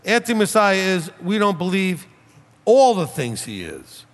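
A man's voice: sits high, big pitch swings, a little slow. A man, a rabbi, giving a sermon with emphatic rhetorical questions and mocking imitations of his critics. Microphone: preaching without notes, standing. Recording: long hall reverb.

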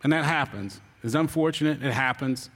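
A man's voice: mid-range voice, normal speed, a bit bright. A middle-aged male pastor preaching a sermon in a loose, conversational, folksy way, tossing rhetorical questions at the congregation. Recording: long hall reverb.

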